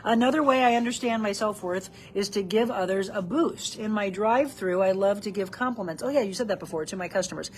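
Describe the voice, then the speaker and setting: A woman's voice: mid-range voice, a little fast, hardly any pauses, slight background noise. A woman hosting a live self-help show, reading out viewer comments by name and encouraging her audience in an upbeat way.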